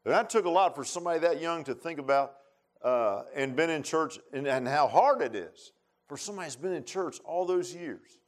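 A middle-aged preacher man with a somewhat high voice. He talks in a folksy, repetitive way and climbs into loud, emphatic bursts as he drives his points home. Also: expressive, brisk. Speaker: pastor. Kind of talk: sermon.

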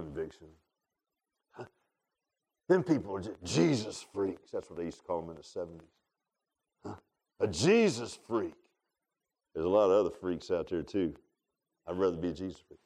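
A man preaching a sermon. He talks in an animated way and keeps asking the congregation short questions. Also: on the low side, a little fast, pauses often. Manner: animated preaching with call-and-response asides. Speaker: pastor. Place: church sanctuary.

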